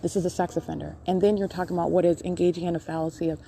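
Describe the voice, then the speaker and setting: A woman's voice: on the low side, steady tone, racing, vocal fry, dark tone. Woman going on and on, accusing, repeats herself, darkish voice, noisy phone recording in a library. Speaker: podcast host recording her own encounters. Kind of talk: live self-recorded commentary. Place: public library.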